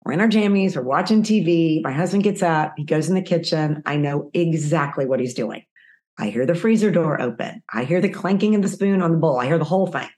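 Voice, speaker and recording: A woman in her fifties with a low, grounded speaking voice. She talks as an interview guest and tells her stories with animated, acted-out dialogue. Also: a little fast. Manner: animated storyteller, acts out quoted voices. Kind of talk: conversational storytelling interview.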